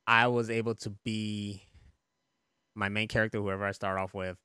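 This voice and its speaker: Chill guy rambling about games, kinda low voice, dry close sound. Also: moderate pace, clear, resonant tone, no room sound. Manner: relaxed, rambling, laughs often, swears casually. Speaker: podcast co-host. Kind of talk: casual chat.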